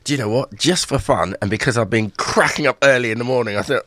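A man's voice: mid-range voice, fast talker, a bit bright, no room sound. A man hosting a local radio breakfast show in a studio, chatty and jokey, laughing often. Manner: jokey, laughs a lot, rambling. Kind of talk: chatty live radio talk.

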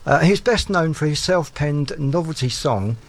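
A man's voice: fairly high pitch, normal speed. Chatty male music show host. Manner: relaxed and self-deprecating, with frequent fillers.

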